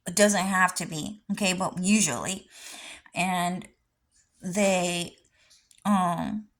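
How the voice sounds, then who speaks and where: A woman's voice: lowish voice, steady tone, slow, poor audio. A young adult woman rambling through a personal vlog monologue, lecturing insistently and repeating herself again and again. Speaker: vlogger.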